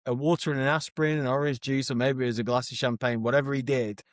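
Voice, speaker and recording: A man co-hosting a podcast, telling animated, overexcited stories in casual chat. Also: mid-range voice, quick pace, no echo, clean studio sound. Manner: animated storyteller, gets overexcited. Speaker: podcast co-host.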